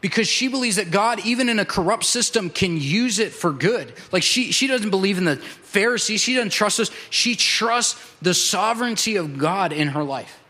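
A male pastor preaching a passionate sermon, slowing down to drive points home. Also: high voice, expressive, sharp tone. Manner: passionate, slows down for emphasis.

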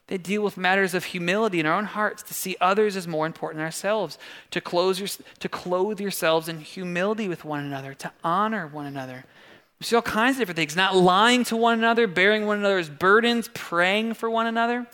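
A man preaching a sermon in a relaxed, conversational way, often checking in with "right?". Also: high voice, fairly quick. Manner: conversational, keeps asking "right?". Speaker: pastor.

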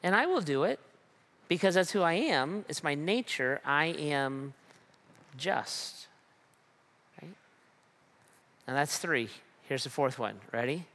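A man's voice: on the high side, lively intonation, slow, pauses often, a bit bright. A man preaching a sermon with emphatic repetition and rhetorical questions. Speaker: pastor.

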